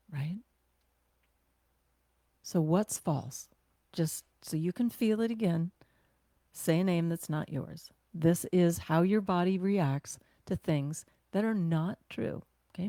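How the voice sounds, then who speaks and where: Woman self-care teacher, gentle guided-breathing delivery, unhurried, dry close sound. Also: on the low side, no room sound. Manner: gentle, conversational, with sighs and exhales.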